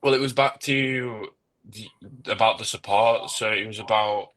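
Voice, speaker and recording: Young male hairdresser on a panel, earnest, bright voice, flat delivery. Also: lowish voice, unhurried, rough recording. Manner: earnest, personal storytelling. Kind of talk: panel discussion.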